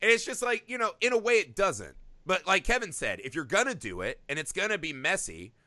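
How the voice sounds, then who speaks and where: A man co-hosting a casual podcast chat, animated and swearing freely as he riffs. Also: sits high, brisk, no room sound. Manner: animated, swears freely, jumps into shouted impressions. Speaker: podcast co-host. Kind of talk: casual chat about movies.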